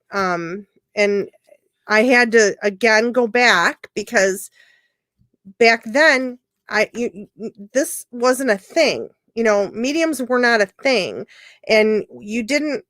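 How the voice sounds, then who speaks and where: A woman medium talking on a radio chat show, her voice sitting at an ordinary middle pitch. She tells her stories in a rambling, heartfelt way, often breaking off and restarting her sentences. The sound is dry and close, with no room around it. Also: fairly bright tone, no echo. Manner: rambling, emotional storytelling with many restarts. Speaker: psychic medium guest. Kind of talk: casual radio conversation.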